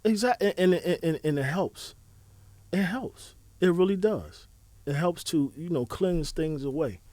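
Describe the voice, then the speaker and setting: A podcast co-host, a man, talks in a high, lively voice that swoops up and down as he acts out bits of dialogue. The sound is dry and close, with no room around it. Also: unhurried, no echo. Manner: animated storyteller, acts out quotes. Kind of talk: casual chat.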